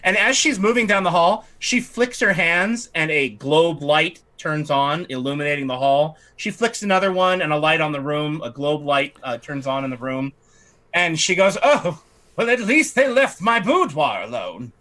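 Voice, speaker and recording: A man narrating as game master of a tabletop game, lively, with many fillers. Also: fairly high pitch, moderate pace.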